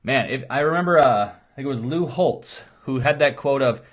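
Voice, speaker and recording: At a moderate pace and in a mid-range voice, this middle-aged man, a chiropractor, tells stories casually while giving an earnest, rambling motivational talk.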